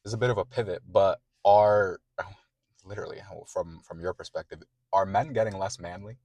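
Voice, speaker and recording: A man interviewing a guest, asking brief, casual questions between quiet murmurs of agreement. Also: low voice, fairly even intonation, moderate pace, no room sound.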